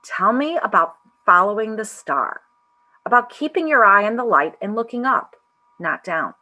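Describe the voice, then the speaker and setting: A woman voicing a gentle, unseen divine director who coaxes a performer with tender questions. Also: medium pitch, expressive, moderate pace, muffled recording. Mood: encouraging.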